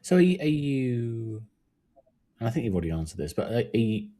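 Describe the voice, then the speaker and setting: A man hosting an interview podcast, asking long, halting questions with many restarts. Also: mid-range voice, very animated, warm tone. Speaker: podcast host.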